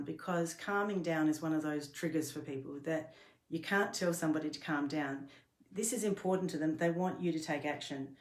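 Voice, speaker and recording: A middle-aged woman with a low voice gives a workplace training talk. She explains earnestly and patiently, now and then stumbling and restarting a phrase. The room around her rings with a noticeable echo. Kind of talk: instructional talk to camera. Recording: roomy echo.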